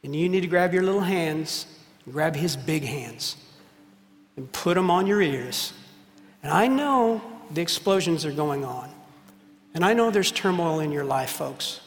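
A middle-aged male pastor preaching a passionate sermon, swinging from loud appeals to hushed, intimate moments. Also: a little high, animated, a little slow, faint music behind. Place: church sanctuary. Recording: roomy church hall reverb.

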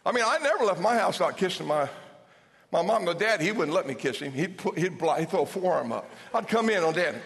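An older male pastor preaches with a notably high voice, slipping into animated, humorous stories and doubling back on his phrases. His words ring out through a long hall reverb, as in a large church sanctuary. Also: fairly quick. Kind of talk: sermon.

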